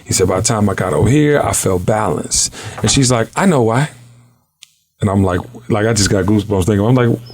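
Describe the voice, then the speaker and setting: Guy hosting a chat show, raspy gravelly voice, slangy and animated. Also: on the low side, fast. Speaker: show host. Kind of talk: casual chat.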